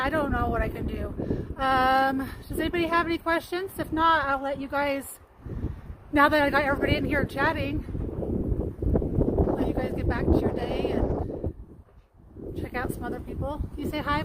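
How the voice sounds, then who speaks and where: High-voiced woman chatting outdoors in wind. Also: steady tone, normal speed, long pauses. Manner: chatty and rambling, greets viewers by name. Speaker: livestreaming gardener. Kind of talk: casual live-stream chat. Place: backyard garden outdoors. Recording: loud wind and outdoor noise.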